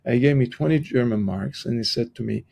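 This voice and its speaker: A middle-aged man with a medium-pitched, creaky, darkish voice tells a personal story as a podcast guest in conversation. He speaks haltingly, often restarting, and acts out the people he quotes.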